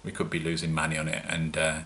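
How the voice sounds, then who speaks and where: A man with a British accent talks to his viewers in a loose, rambling vlog. His voice sits low yet comes across bright and forward, and he pokes fun at himself as he chats. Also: completely flat delivery, fast, slight background noise. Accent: British English. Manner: chatty, rambling, self-mocking. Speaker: home-brewing vlogger. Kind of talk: casual solo vlog.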